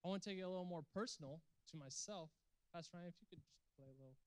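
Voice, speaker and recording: A young adult man preaches earnestly and emphatically to a youth group, ending by calling them to pray and commit, with instrumental music behind him. His high voice races along, clear and resonant in tone, though the recording is rough.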